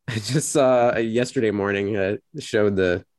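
A man hosting a casual podcast chat, animated and putting on mocking voices when he retells quotes. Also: on the low side, a little slow, no room sound, clean studio sound. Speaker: podcast host.

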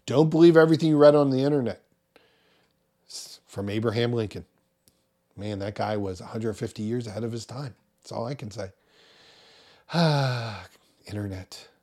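A man in his forties preaching a sermon as pastor, humorous and animated, laughing at his own jokes. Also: mid-range voice.

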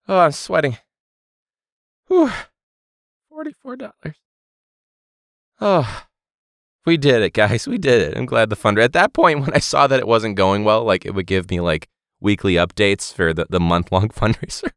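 A man hosts a casual podcast and rants with sarcasm, laughing and swearing mid-thought. His pitch swings widely from low mutters to high outbursts. The recording is dry and close-miked with no room sound. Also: big pitch swings, moderate pace, creaky, a bit bright, dry recording. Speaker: teacher and podcast host.

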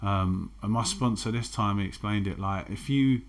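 Man, 40s, lowish voice; blunt, sweary personal testimony. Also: normal speed. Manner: blunt and frank, swears freely. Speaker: guest telling his recovery story.

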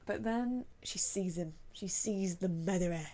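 A woman, co-hosting a podcast and retelling TV scenes in an animated, giggly way. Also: on the low side, measured pace. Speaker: podcast co-host. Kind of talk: casual TV recap chat.

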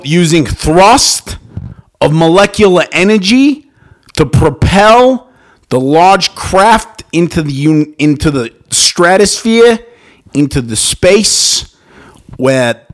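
Podcast host guy, joking around, gravelly voice, bouncy pitch, takes his time. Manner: joking, playful, laughs often. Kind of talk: casual chat.

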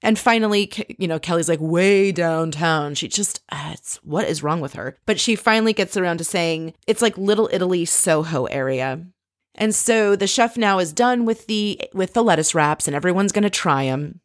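A woman's voice: medium pitch, brisk, few pauses, no room sound, clean studio sound. A woman giving casual commentary on a reality show, blunt and sarcastic. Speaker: reality TV recapper.

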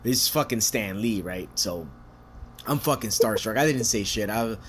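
A man casually telling a story, swearing often, laughing and jumping into high voices to quote people. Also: lively intonation, moderate pace, a little hiss or hum.

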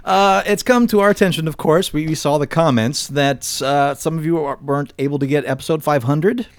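A man hosting a casual podcast, speaking haltingly with fillers and restarts. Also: a little high, no room sound. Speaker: podcast host.

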